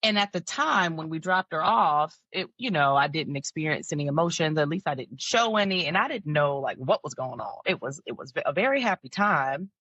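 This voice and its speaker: A woman's voice: low voice, animated, a little fast, hardly any pauses, no echo, dull audio. A woman guest on a podcast, telling personal stories in a reflective, candid way. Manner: reflective, candid, often laughs softly. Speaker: guest, mental health counselor. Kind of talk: personal storytelling in a podcast conversation.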